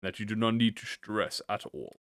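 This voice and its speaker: A man's voice: lowish voice, lively intonation, normal speed, vocal fry, a bit bright, dry recording, clean studio sound. A man livestreaming, chatting casually with viewers and reading a story aloud, stuttering and restarting often. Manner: encouraging, talks to chat with slang.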